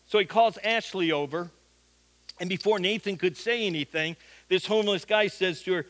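A man's voice: high voice, normal speed, a bit bright. A middle-aged man, a pastor, telling a folksy anecdote during a sermon. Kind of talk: sermon storytelling.

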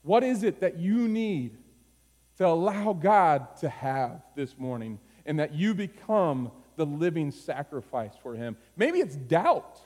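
A man preaching a sermon, moving from low, quiet phrases to high, urgent pleading. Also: very animated, takes it slowly. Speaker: pastor. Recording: long hall reverb.

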